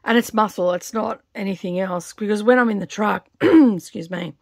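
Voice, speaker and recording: A middle-aged Australian woman in her home craft studio, chatting casually while she stitches, her voice a little croaky. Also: medium pitch, fairly even intonation, fairly quick, dry recording. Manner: rambling, filler-heavy, chatty. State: slightly croaky voice. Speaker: cross-stitch vlogger. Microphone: camera on tripod.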